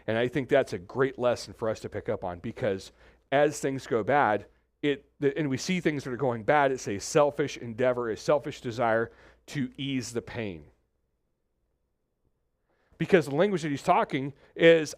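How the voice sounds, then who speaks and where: A man preaching a conversational sermon as pastor, animated, acting out quoted voices, with many restarts. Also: medium pitch, moderate pace, no echo, clean studio sound. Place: church suite, indoors.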